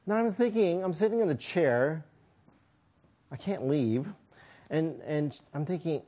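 A man's voice: a little high, expressive, a little slow, pauses often, dark tone. A man preaching a sermon, telling a personal story with self-deprecating humor and frequent chuckles.

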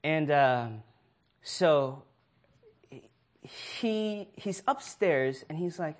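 A man's voice: a little high, very slow, long pauses. A man preaching a sermon through a personal story, acting out voices and laughing as he goes. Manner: animated storyteller who acts out voices and laughs.

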